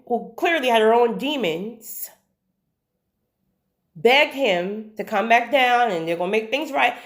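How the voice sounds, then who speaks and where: A woman telling a personal story to her viewers, chatty and animated, with asides and faith talk. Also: on the high side. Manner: faith-based talk of God and spirits. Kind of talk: casual storytelling.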